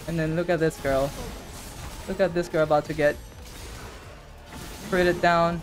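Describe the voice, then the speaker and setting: A man giving casual live commentary while playing a video game, talking to his viewers and breaking into excited shouts. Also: a little high, measured pace, long pauses, faint music behind. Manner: animated, bursts into excited shouts. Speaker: gaming streamer.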